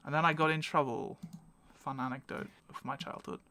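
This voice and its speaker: A man's voice: a little high, fairly even intonation, a little fast, sharp tone. A young man hosting a casual podcast chat from home, rambling and self-mocking and laughing often. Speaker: podcast host.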